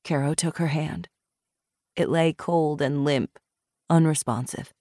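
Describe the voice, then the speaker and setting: A woman reading a novel aloud in measured, expressive scripted narration. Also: sits low, no echo, studio quality. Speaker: audiobook narrator.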